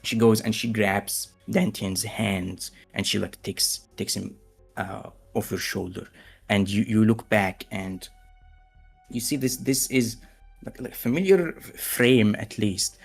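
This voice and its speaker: A low, husky male voice narrates a tabletop game as game master. He moves slowly and haltingly, with plenty of fillers. Gentle music plays softly behind him. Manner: slow, hesitant narration full of fillers.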